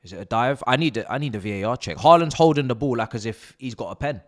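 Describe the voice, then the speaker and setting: A young man hosting a live football watch-along, excitable and swearing, shouting at the players. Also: medium pitch, fast talker. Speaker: live stream host.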